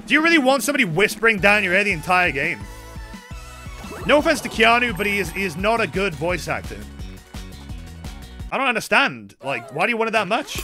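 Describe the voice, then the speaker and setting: A young man with a high, bright voice rambles about games while he plays, jumping up and down in pitch. He breaks into sudden excited shouts and swears freely, with faint music playing behind him. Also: brisk. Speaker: game streamer. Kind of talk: casual chat while gaming.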